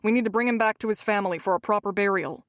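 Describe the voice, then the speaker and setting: A woman's voice: mid-range voice, very fast, no room sound, natural voice. A woman narrator puts on a protective mafia man who barks curt orders. His tone stays bored and in control. It is a dry, close storybook read. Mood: commanding. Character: commanding older brother, protective mafia man.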